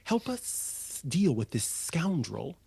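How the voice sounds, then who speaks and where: A man voicing a composed, imposing female kobold matriarch in a hushed, breathy whispered role-play, speaking in a measured, deliberate way. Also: on the high side, sing-song, dry recording, pitched above the performer's own voice, heavily acted. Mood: persuasive.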